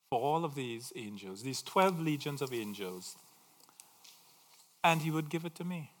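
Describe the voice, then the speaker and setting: A man preaching a sermon, swinging from loud emphatic phrases to quiet asides. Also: mid-range voice, lively intonation, a little slow, pauses often, in a large hall.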